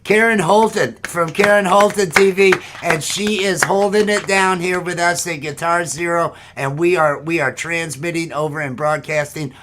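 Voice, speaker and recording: A man's voice: fairly high pitch, fairly even intonation, moderate pace, few pauses, a bit bright, a little hiss or hum. A man hosting a live-stream show, jokey and rambling as he banters with his guests. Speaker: host.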